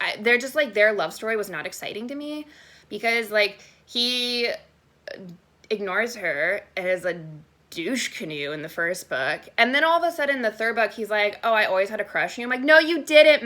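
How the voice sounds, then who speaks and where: A young adult woman giving a casual, sarcastic book review to camera, animated and full of "like". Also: medium pitch. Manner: animated and sarcastic, heavy use of "like". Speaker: book vlogger.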